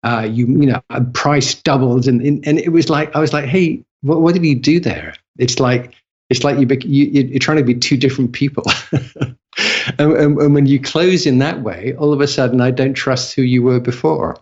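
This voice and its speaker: A man's voice: mid-range voice, normal speed, darkish tone. A man giving an interview as a copywriting guest, chatty and casual, often restarting and repeating words mid-sentence. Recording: slightly dull lo-fi audio.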